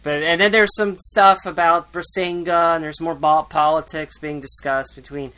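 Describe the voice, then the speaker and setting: Podcast host rambling through a book recap, sarcastic, swears a lot, mid pitch. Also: steady tone, moderate pace, a bit bright. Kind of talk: casual book-recap chat.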